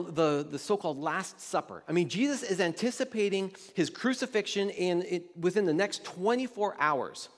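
Pastor, male, high voice; loose, chatty preaching that quizzes the room, reverb-heavy church hall. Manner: conversational, quizzes the room, many restarts. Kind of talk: sermon to a congregation.

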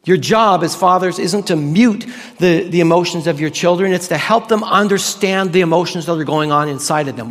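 Male pastor, conversational sermon, slightly high voice, long hall echo. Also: fairly bright tone. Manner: conversational, stretches key words slowly for emphasis.

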